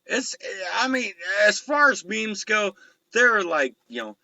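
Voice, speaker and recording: A male host with a gravelly, bright, slightly high voice tells long, rambling stories full of swearing. He speaks in casual chat on a dry, close recording. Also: big pitch swings, unhurried, no room sound, poor audio. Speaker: show host.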